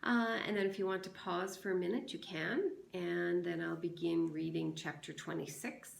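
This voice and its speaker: A woman sixth-grade teacher reading a novel aloud and explaining it to her class in a slow, instructive way, in an echoey room. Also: fairly low pitch, fairly even intonation, vocal fry, a little hiss or hum. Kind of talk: read-aloud lesson narration.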